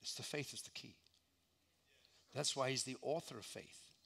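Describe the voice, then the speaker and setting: A man preaching a sermon as pastor in a church, telling a story dramatically and acting out the voices, swinging from shouts down to hushed lines. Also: mid-range voice, moderate pace, gravelly, husky.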